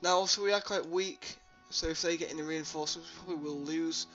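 A man's voice: a little high, steady tone, fast, fairly bright tone, lo-fi sound. A young man casually commenting on his gameplay, rambling with lots of ums and uhs. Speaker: let's play host. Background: game music.

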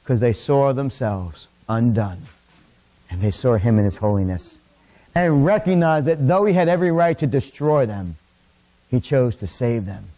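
A middle-aged man preaching a sermon in a church, impassioned, rising to near-shouts. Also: mid-range voice, expressive, normal speed. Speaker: pastor. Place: church sanctuary.

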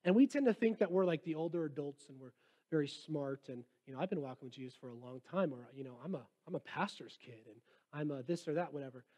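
A man's voice: a little high, quick pace, mellow. A young man, a youth pastor, preaching a sermon in a casual, joking way and reading scripture aloud.

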